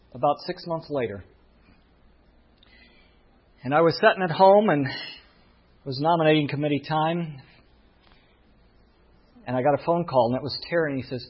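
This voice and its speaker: A man's voice: on the high side, husky. A man preaching a sermon as a pastor, telling a story and acting out the voices of the people in it. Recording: muffled lo-fi recording.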